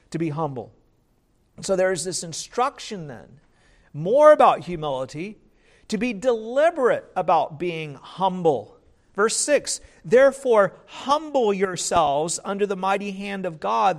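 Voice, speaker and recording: A man preaching a sermon in an earnest way, often restarting and repeating words. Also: sits high.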